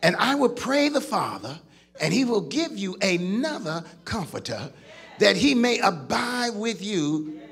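A man preaching a sermon, often shouting and sliding into a sing-song cadence, calling on the congregation to respond. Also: sits high, big pitch swings, measured pace, gravelly. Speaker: pastor.

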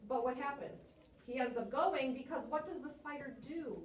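A woman's voice: high voice, moderate pace, echoey room, recorded from a distance, a little hiss or hum. A woman teacher coaching a student on reciting a poem, encouraging and asking guiding questions.

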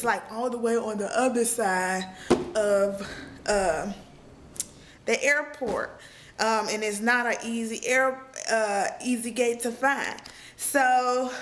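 A woman's voice: mid-range voice, fairly bright tone. A young woman vlogger telling a story in casual chat, tearful and laughing through it, still crying as she talks.

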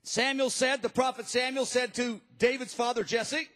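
A man preaching a sermon, telling the story in an animated, emphatic way. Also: very high-pitched, moderate pace, hardly any pauses. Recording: long reverb of a large hall.

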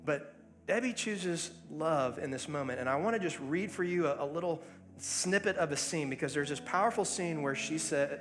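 A man's voice: a little high, normal speed, fairly bright tone. Earnest male pastor telling a story. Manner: earnest, conversational storytelling with frequent fillers. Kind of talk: sermon.

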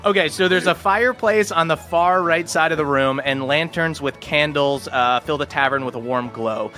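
A man's voice: a little high, moderate pace, bright, forceful tone, faint music behind. A man narrating a tabletop game as game master in a casual, laughing manner.

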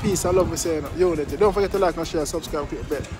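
A man's voice: a little high, fast talker, music in the background. A Jamaican man hosting a commentary vlog, speaking emphatically and repeating himself in patois-laced English. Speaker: vlogger.

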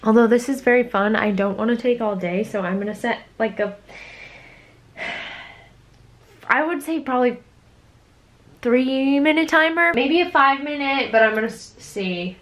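A woman's voice: a little high, unhurried, pauses often, a bit bright, low-quality recording. A young woman vlogging casually about her art shop, bubbly and rambling, gushing and giggling with many fillers. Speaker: artist and small business vlogger. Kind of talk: casual vlog narration.

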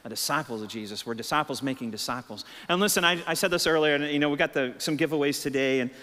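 Texan pastor preaching in a reverberant hall. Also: male voice, a little high, quick pace, bright, forceful tone. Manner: storytelling, building to emphatic peaks. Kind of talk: sermon. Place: church sanctuary.

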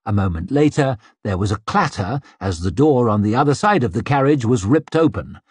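A man's voice: mid-range voice, animated, a little fast, a little mellow, husky, no echo. A man narrating an audiobook expressively, slipping into a character's sneering inner voice.

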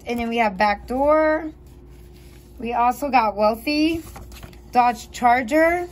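Chatty woman reading tarot cards. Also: on the high side. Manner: chatty, thinking aloud, giggly. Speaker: tarot reader.

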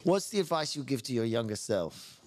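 Amused Australian street interviewer. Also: male voice, medium pitch, very animated, a little fast. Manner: amused, disbelieving.

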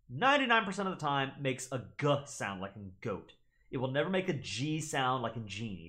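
A man who teaches Latin, explaining pronunciation in a casual, chatty way. He repeats words carefully to model them and talks straight to his viewers. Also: mid-range voice. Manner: animated, chatty, addresses viewers directly.

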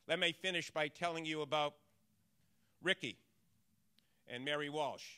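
A man giving a motivational talk as a trainer, telling stories in an animated way and acting out voices. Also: on the high side. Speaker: trainer and speaker.

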